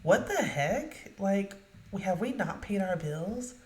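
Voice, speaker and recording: A woman's voice: mid-range voice, sing-song, slow pace, darkish tone. Chatty woman narrating a life-sim game. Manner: chatty, addresses viewers directly. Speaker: let's play narrator. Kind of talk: casual game commentary. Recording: echoey room.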